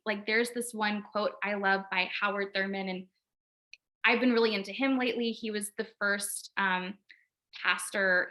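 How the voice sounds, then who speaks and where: A woman with a bright, clear-edged voice talks earnestly and haltingly, restarting her sentences as she goes. She sounds close to tears, her voice held together with effort. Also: mid-range voice. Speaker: guest, LSAT tutor. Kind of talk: emotional personal interview talk.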